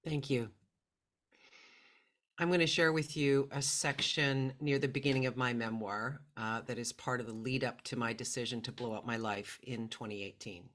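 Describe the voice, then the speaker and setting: Woman author, calm memoir reading, first person. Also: extremely low pitch, normal speed.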